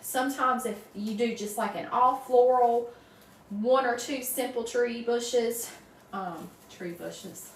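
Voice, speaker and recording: A friendly Southern woman talking her way through a craft project on a live stream, calling out viewers by name with folksy warmth. Her voice sits a little high, and it bounces around a roomy space while she stands back from the mic. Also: slow pace, a little hiss or hum. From North Carolina, USA. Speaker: wreath designer hosting a live stream. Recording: roomy echo, distant mic.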